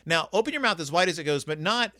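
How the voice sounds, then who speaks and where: A man's voice: a little high, animated, fast talker, sharp tone, no room sound, studio quality. A man giving a casual, rambling and jokey review of a children's book on his video channel.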